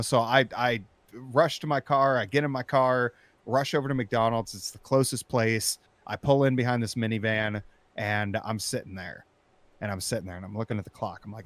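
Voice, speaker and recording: A man telling a personal story in casual conversation, animated and profane, getting loud as he recounts his frustration. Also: medium pitch, moderate pace, no echo. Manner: animated, profane, rising to shouting when recounting anger. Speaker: storyteller in interview.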